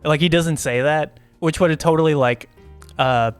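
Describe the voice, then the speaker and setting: A man's voice: a little high, moderate pace, smooth, soft background music. A man co-hosting a podcast, chatting casually about a movie, laughing often and rambling through fillers. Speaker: podcast co-host. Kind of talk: casual movie review chat.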